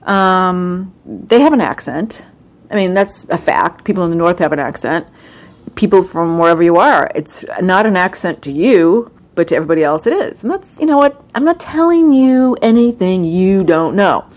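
A woman hosting a casual comedic monologue, chatty and quick to slip into playful accent impressions. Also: lowish voice, expressive, a little mellow. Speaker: host.

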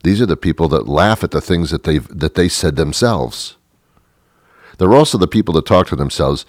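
A man's voice: deep voice, expressive, normal speed, no room sound. A man, a radio host, delivering a rambling, sarcastic, exasperated comic monologue into a close studio mic. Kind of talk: comedic monologue.

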